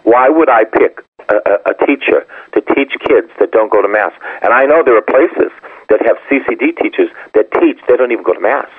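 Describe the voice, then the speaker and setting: An older man, a parish priest, preaching a sermon in an emphatic, repetitive way, his voice gravelly and husky. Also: medium pitch, animated, fairly quick, no room sound. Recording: tinny phone-like radio broadcast.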